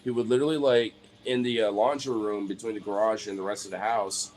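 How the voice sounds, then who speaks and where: A young man and streamer chatting casually, rambling with lots of filler words and swearing, now and then breaking into a high excited baby-talk voice. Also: a little fast. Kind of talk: casual chat.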